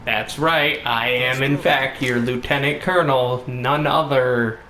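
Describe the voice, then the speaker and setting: A man's voice: mid-range voice, steady tone, measured pace, echoey room. A man giving joking let's play commentary, goofy and playful, slipping into silly voices. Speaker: gamer.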